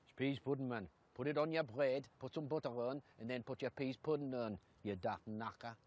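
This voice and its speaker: Gruff older northumbrian dad scolding his son in broad clipped local speech, as his grown son puts him on, mid-pitched and blunt. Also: brisk, darkish tone, close to an everyday voice.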